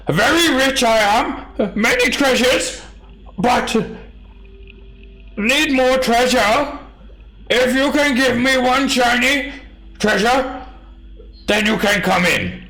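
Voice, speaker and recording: A man voicing a dim, greedy two-headed male giant who shouts in broken grammar. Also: very high voice, lively intonation, slow, creaky, pauses often, reverberant, voice pushed up, exaggerated voice, rough recording. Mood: boastful.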